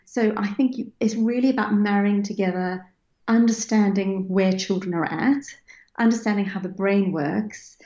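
A woman's voice: medium pitch, moderate pace, mellow. A woman answering interview questions about raising children, explaining earnestly and sometimes acting out playful parent voices. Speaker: parenting expert guest. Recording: roomy, dull lo-fi sound.

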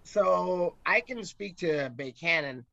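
A man appearing as a brewery co-founder guest in a casual interview, speaking hesitantly with many pauses and restarts. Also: sits high, expressive, vocal fry, sharp tone, no room sound. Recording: dull, dry lo-fi sound.

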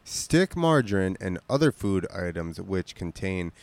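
A man co-hosting a podcast in casual chat, animated and joking, swearing freely. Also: deep voice, unhurried, clean tone, no echo. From Georgia, USA. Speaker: podcast co-host.

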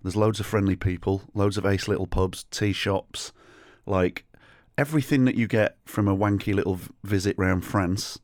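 A man's voice: low-pitched, a little mellow, no echo, clean studio sound. A middle-aged man hosting a solo podcast, telling rambling, sweary, self-deprecating anecdotes. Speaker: podcast host. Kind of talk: solo comedic storytelling.

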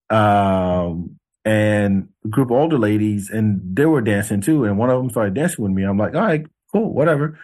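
A man's voice: fairly low pitch, normal speed, darkish tone. A man hosting a podcast, telling a story in a laid-back, blunt way, swearing freely and restarting his sentences often. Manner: frequent restarts and fillers. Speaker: podcast host. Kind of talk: casual storytelling.

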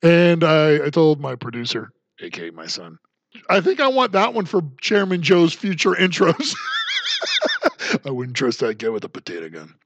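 A man's voice: fairly high pitch, huge pitch swings, moderate pace, a bit bright, no room sound. Sarcastic man hosting a podcast. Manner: sarcastic, mocking. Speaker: podcast host. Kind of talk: political commentary podcast.

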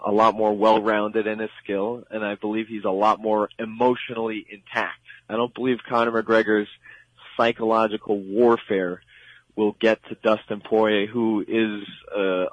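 A man's voice: fairly low pitch, dry recording. A man with a Long Island accent giving emphatic, opinionated fight predictions on a sports radio show. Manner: emphatic, opinionated, repeats "I believe". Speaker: guest fight analyst. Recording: dull lo-fi radio sound.

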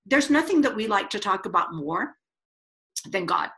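Bright, animated woman telling her story. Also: mid-range voice, moderate pace. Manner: animated, acts out quoted voices. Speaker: guest speaker. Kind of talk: storytelling in a podcast interview.

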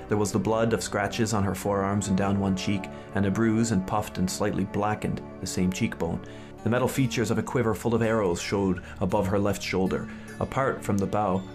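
A man hosting a podcast, chatting casually and reading a story aloud in a steady, measured way. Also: fairly low pitch. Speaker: podcast host.

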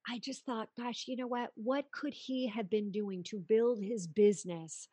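A woman hosting a podcast interview, chatting casually, encouraging her guest with quick laughs and short affirmations. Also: fairly high pitch, steady tone, warm tone, dry recording. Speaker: podcast host.

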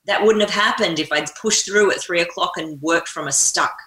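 A woman's voice: lowish voice, normal speed, bright, forceful tone. A woman speaking as an interview guest, talking energetically in a coaching tone. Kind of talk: conversational interview. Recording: echoey room.

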